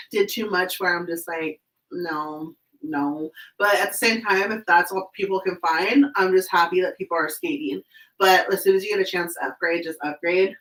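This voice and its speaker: A California woman with a slightly bright, mid-range voice hosts a skate channel, chatting upbeat and casual while saying "like" constantly. The recording sounds roomy, with her distant from the mic.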